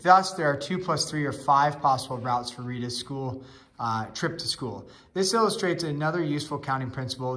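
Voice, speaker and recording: A man's voice: medium pitch, pushed and bright. A man explaining a counting rule to a class in a plain, step-by-step way. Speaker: math teacher. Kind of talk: explaining a lesson.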